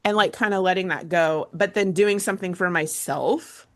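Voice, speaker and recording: Female host, low-pitched, casual chat, animated storyteller. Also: normal speed. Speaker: host and burnout coach.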